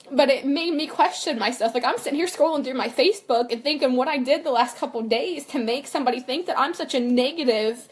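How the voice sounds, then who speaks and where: A woman's voice: high-pitched, a little fast, few pauses. A young woman and mother talking candidly in a personal vlog, earnest and rambling, full of fillers and "like". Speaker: vlogger and mother.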